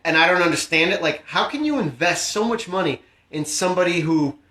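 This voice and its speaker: A man's voice: high-pitched, animated, fairly quick, bright, forceful tone. A man co-hosting a podcast at home, chatting casually with laid-back, laughing banter. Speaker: podcast co-host. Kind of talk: casual chat. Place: room at home. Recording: roomy echo.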